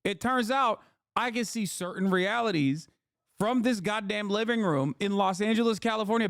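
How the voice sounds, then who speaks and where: A man's voice: sits high, lively intonation, moderate pace, a bit bright, clean tone, no echo, studio quality. A man streaming from his living room, giving profane, exasperated political commentary. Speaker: Twitch streamer.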